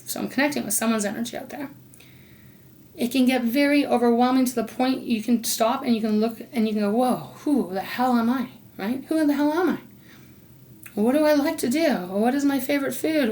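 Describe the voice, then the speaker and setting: A woman doing an intuitive tarot reading, talking in a loose, rambling way and pausing to ask her spirit guides. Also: on the high side. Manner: rambling, warm-hearted, talks to spirit guides between cards. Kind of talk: casual spoken tarot reading.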